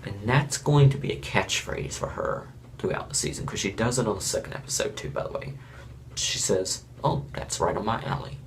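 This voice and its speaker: A man's voice: fairly low pitch, normal speed, a little hiss or hum. A man from Florida giving a casual, blunt and rambling review of a reality show, with chuckling asides.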